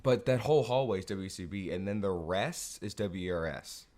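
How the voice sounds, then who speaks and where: A man's voice: low voice, expressive, normal speed, a little mellow. A young man co-hosting a podcast, laid-back and tired in the morning, telling a story with frequent laughs. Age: young adult. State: tired, just woke up. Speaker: podcast co-host. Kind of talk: casual chat.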